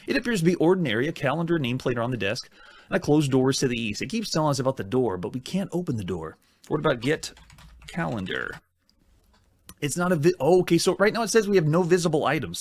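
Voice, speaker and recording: A man hosting a retro game let's-play, chatty and self-mocking as he thinks aloud while typing commands. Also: a little high. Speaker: host.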